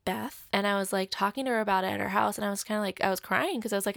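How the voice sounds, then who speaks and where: A woman's voice: mid-range voice, racing, gravelly, few pauses, a bit bright, no echo, studio quality. A young woman casually telling a personal story, chatty and full of "like". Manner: chatty, fills talk with "like".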